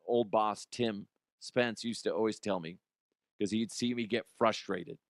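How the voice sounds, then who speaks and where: A man's voice: lowish voice, dry recording. A middle-aged man hosting a casual podcast monologue. He talks bluntly, swears freely and acts out quotes in a raised voice. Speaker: podcast host and youth coach.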